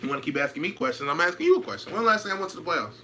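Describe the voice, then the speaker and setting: Bright-voiced man streaming sports chat. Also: high voice, animated, rapid-fire, slight background noise. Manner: trash-talking, laughing, repetitive. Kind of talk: casual chat reading live comments.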